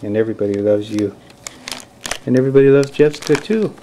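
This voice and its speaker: A man's voice: medium pitch, fast talker, warm tone, a little hiss or hum. A father filming a home video at home on a handheld camcorder, talking earnestly and calling to his toddler in a coaxing sing-song. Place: family home, indoors.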